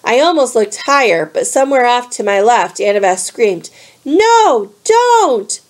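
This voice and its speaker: A woman reading a novel aloud in a steady, clear storybook manner. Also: on the high side, normal speed. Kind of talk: read-aloud narration.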